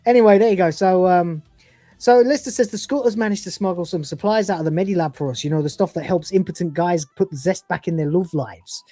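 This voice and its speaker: A man in his forties riffs through a casual live episode review. He is crude and swears freely, laughing often between thoughts. His voice sits at a middling pitch and sounds dry and close, with a little faint music behind. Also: quick pace, mellow, no echo. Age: 40s. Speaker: podcast co-host reviewing episodes.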